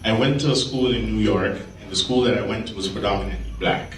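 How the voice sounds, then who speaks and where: A man's voice: fairly low pitch, quick pace, roomy sound, far from the mic, a little hiss or hum, poor audio. A Jamaican man with a Jamaican accent telling stories in a stand-up comedy set, profane and laughing through his punchlines. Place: comedy stage before a live audience.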